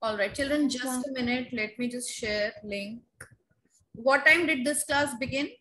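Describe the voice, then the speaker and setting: A woman with an Indian accent teaching a French class online, repeating drills slowly for students to echo over a video call. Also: sits high, bright, forceful tone. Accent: Indian English.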